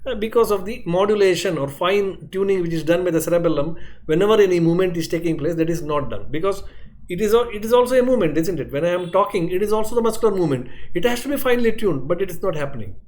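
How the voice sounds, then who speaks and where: A man delivers a medical lecture to a class at a quick pace, his high-pitched, expressive voice slightly mellow. He walks through each step, restates his points, and keeps asking "okay" and "isn't it."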